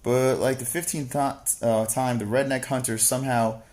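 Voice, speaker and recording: A man talking loosely on a livestream, swearing at almost every turn and drifting from mocking asides into loud, exasperated rants. His voice sits at an ordinary middle pitch for a man. He reads viewer messages aloud and answers them off the cuff. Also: fairly even intonation, normal speed. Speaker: livestream co-host reading chat. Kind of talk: casual profane chat.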